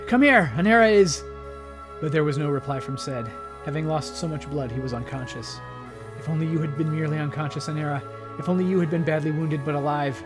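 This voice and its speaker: A man hosting a gaming channel, reading story text from the game aloud in a dramatic, expressive way. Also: fairly high pitch.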